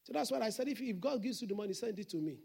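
A man's voice: high voice, animated, racing, gravelly, a little mellow, husky. A man preaching a Sunday sermon as senior pastor, emphatic and repeating his declarations.

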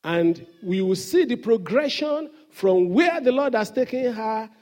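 Pastor guy preaching on a sunday, high mellow voice, earnest and keeps restarting his words. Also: expressive, measured pace, highs cut off. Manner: earnest storytelling with frequent restarts. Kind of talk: sermon. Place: church service.

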